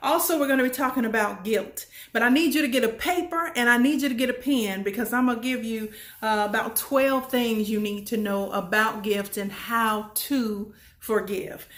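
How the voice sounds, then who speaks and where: Brief: woman speaker, motivational talk, emphatic and folksy, fairly high voice, roomy echo. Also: a bit bright. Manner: emphatic and repetitive, folksy, asks the audience questions.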